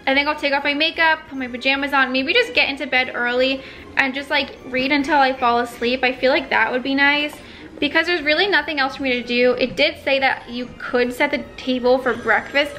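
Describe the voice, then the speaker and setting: A young woman vlogs from her bedroom with a high, bright voice. She talks casually and dramatically, tossing in quick exclamations. Soft music plays faintly behind her. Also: fairly even intonation. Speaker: vlogger. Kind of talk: casual chat to camera. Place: home bedroom.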